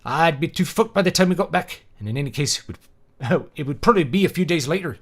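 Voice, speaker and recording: A man reading a novel aloud, voicing a rough young Scottish man in a put-on Scottish accent that he stumbles over. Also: fairly high pitch, expressive, fairly quick, pitched above the performer's own voice. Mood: gritty. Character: rough young Scottish man narrating his grim story.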